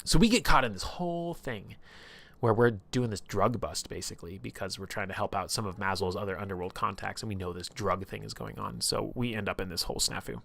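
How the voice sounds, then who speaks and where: Low-voiced man rambling through a game recap. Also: fairly quick, creaky. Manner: rambling and animated, full of "like" and swearing. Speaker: streamer recapping a tabletop campaign. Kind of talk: casual storytelling on a live stream.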